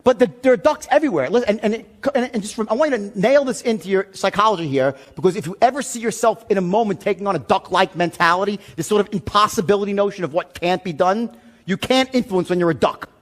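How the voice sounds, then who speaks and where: A high-voiced man, a sales and persuasion trainer, delivers a live sales seminar at a fast clip. He tells stories animatedly and profanely, swinging from loud bursts to low, confiding asides.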